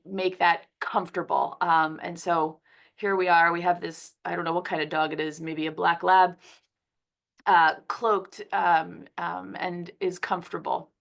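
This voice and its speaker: Woman from Philadelphia, physician, has a cold, fairly low voice, conversational online lecture. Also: creaky, fairly bright tone. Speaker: physician giving a palliative care lecture. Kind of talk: webinar presentation.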